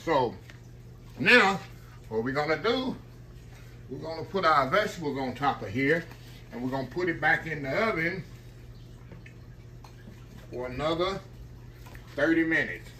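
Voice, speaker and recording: A man's voice: on the high side, animated, unhurried, long pauses, bright, forceful tone, slight background noise. A man hosting a casual home cooking demonstration, chatty and folksy, calling his viewers y'all. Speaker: home cooking channel host. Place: home kitchen.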